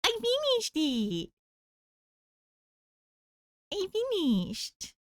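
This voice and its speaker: A woman's voice: extremely high pitch, huge pitch swings, extremely slow, no echo, clean studio sound. A woman live streamer chatting casually while she crochets, playful and giggly, cooing at her pets and viewers.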